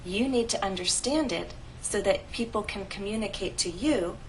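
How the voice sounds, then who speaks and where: A woman teaching an English pronunciation lesson, speaking clearly and deliberately. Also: mid-range voice, a little hiss or hum, poor audio. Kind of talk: scripted lesson narration.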